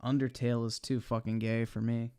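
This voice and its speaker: A man's voice: mid-range voice, level tone, brisk, background noise. A young man giving blunt, profane live-stream commentary while he watches videos.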